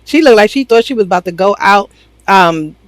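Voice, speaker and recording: Animated slangy drama-recap reviewer. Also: medium pitch, a little fast, dry recording, poor audio. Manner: animated, acts out the characters' lines; blunt slangy commentary. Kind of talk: casual show recap.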